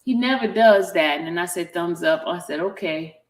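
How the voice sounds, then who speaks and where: A woman's voice: fairly low pitch, moderate pace, a little hiss or hum. A woman vlogger chatting casually while reading out text messages aloud, adding her own asides between them. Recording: roomy echo.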